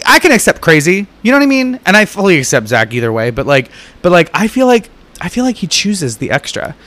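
A male podcast co-host in loose, joking conversation, quick with sarcastic asides. His pitch sits somewhat high and swings widely as he reacts. His delivery is animated and playful. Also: dry recording. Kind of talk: casual chat.

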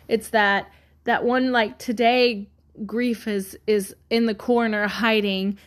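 A woman in her thirties talking earnestly and haltingly about loss and gratitude, emotional at times. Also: fairly high pitch, fairly bright tone. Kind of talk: personal reflective monologue.

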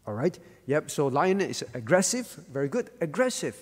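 Pastor teaching in a reverberant hall. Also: male voice, fairly high pitch, sing-song, moderate pace. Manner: asks questions and calls on listeners by name, repeats key words. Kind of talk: interactive Bible teaching.

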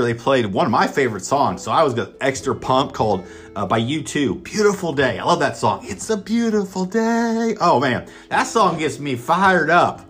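A man's voice: mid-range voice, fairly bright tone. A man from Kansas telling a motivational personal story in an enthusiastic, conversational way, with lots of fillers. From Kansas, United States. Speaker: speaker sharing his story.

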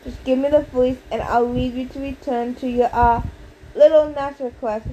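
A woman reading a storybook, voicing a smooth, menacing young male villain who mocks his captives calmly. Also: sits high, moderate pace, slight background noise, close to an everyday voice, rough recording. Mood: mocking. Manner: calm and mocking, snapping into fury.

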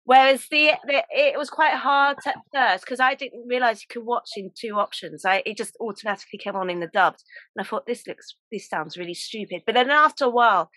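An English woman hosting a podcast, talking in a relaxed, chatty way with lots of laughs and fillers. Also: fairly high pitch, brisk, dry recording. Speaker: podcast host. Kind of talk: casual chat.

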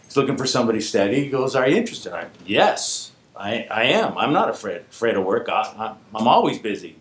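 A man with a lowish voice speaks briskly in a reverberant space, casually recounting a true story from his working days. He tells it as an animated anecdote, acting out the voices of the people involved.

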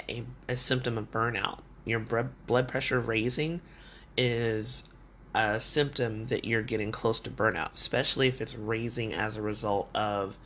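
A man's voice: lowish voice, sharp tone, slight background noise. A man hosting a podcast, talking through advice in a candid, chatty way and acting out the things people said to him. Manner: candid and chatty, often acting out quoted remarks. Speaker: podcast host. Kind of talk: casual advice podcast talk.

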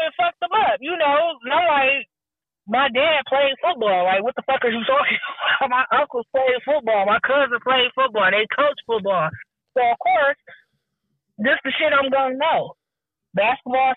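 Woman, casual chat, animated storyteller, tinny phone-like sound, dry. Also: on the high side, dry recording. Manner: animated storyteller, acts out quoted people, swears freely.

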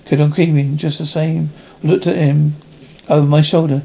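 A man reading a first-person story aloud in a halting, stumbling way, often restarting words. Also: a little high, level tone, vocal fry, warm tone. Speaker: reader. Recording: dull lo-fi recording.

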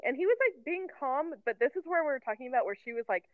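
A woman's voice: racing, no echo. A woman co-hosting a podcast, recapping a reality show in casual chat. She acts out the quotes with lots of "like". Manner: animated, acts out quotes with a raised pitch, fillers like "like". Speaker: podcast co-host. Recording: tinny phone-line sound, dry.

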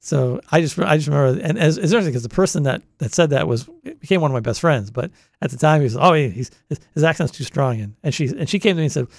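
Older boston guy, quick rambly talk, gravelly voice, dry close sound. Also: a little high, lively intonation, no echo. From Boston area. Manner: rambling storyteller, many restarts. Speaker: longtime college radio volunteer. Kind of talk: oral history interview.

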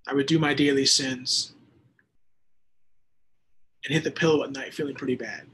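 A man's voice: medium pitch, fairly even intonation, moderate pace, fairly bright tone, a little hiss or hum. A man hosting a Bible teaching show, reading listener texts and talking casually, with bursts of emphatic preaching.

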